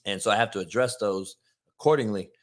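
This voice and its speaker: A man's voice: lowish voice, a little fast. A man hosting a solo sports talk show, ranting in a brash, profane, combative way and talking to his live chat viewers. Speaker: show host.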